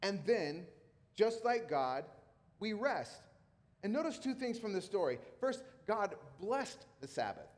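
A man's voice: high voice, very animated, a little slow. A middle-aged man who is a pastor, preaching a sermon in a casual, conversational way with emphatic repetition. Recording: long hall reverb.

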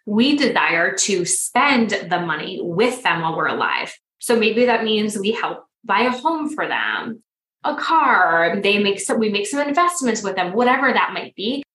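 A woman's voice: medium pitch, measured pace, roomy sound, rough recording. A woman in her thirties, a manifestation coach, chatting as a podcast guest and telling stories with acted-out dialogue. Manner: animated storyteller, acts out quoted dialogue. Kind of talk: casual podcast interview.

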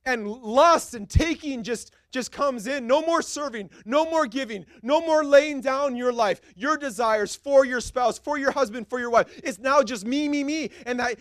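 A pastor delivering a sermon, his voice high and smooth. He drives points home with short, repeated phrases and slips into easy, joking asides. The sound is dry and close, with little room echo. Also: measured pace, hardly any pauses, fairly bright tone. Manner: emphatic, repetitive preaching with short punchy phrases; conversational asides with light humor. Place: church sanctuary.

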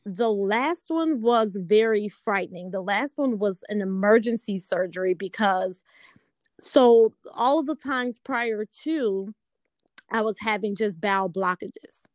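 A woman speaking earnestly in a casual conversation, measured, with fillers and self-corrections. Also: medium pitch, no echo.

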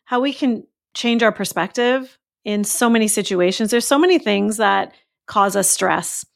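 Gravelly-voiced woman, animated guest. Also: mid-range voice, moderate pace. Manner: animated, acts out her own thoughts in quotes. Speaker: guest, coach and speaker. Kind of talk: casual podcast conversation.

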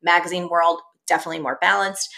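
A woman's voice: on the low side, steady tone, fast talker, gravelly, pushed and bright. A middle-aged woman, an entrepreneur guest, telling her story earnestly and animatedly with many "you know" fillers. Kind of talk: personal storytelling in an interview.

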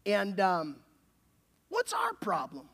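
A man's voice: high voice, wildly swooping pitch, takes it slowly, creaky, a bit bright. A man, the pastor, preaching a sermon in a conversational way and building to emphatic questions.

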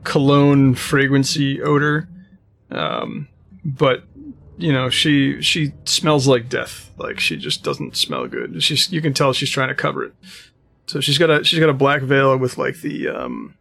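A man running a tabletop game as game master. He has a gravelly, creaky voice and describes scenes in a meandering way, full of fillers. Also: medium pitch, lively intonation, measured pace, a bit bright.

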